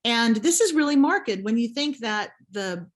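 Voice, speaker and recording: A woman's voice: a little high, animated, unhurried. A woman history professor giving a recorded lecture, emphatic, often ending points with a rhetorical "right?". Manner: emphatic, asks rhetorical questions with a tagged "right?".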